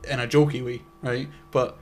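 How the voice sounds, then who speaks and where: A man's voice: medium pitch, level tone, normal speed, faint music behind. A young Scottish man co-hosting a podcast in loose, rambling, self-mocking casual chat. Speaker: podcast co-host.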